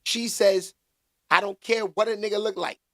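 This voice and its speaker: A man's voice: sits high, steady tone, moderate pace, creaky, bright, forceful tone, no echo, studio quality. A man hosting a casual commentary vlog, talking in slangy, emphatic bursts and repeating catchphrases.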